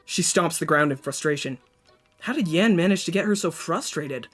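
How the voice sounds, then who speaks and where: A woman's voice: low voice, animated, normal speed, slightly rough, faint music behind. A woman streamer reading a story game aloud and making wry, chatty asides to her viewers.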